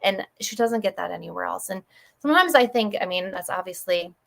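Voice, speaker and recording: A woman from Connecticut chats as a broadcast guest, rattling through her patient stories at a quick clip. She talks in a warm, effusive rush, with a mid-range voice for a woman. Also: medium pitch, animated, creaky. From Connecticut, USA. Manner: fast-talking, chatty, effusive. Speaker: chiropractor guest. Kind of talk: casual storytelling on a broadcast.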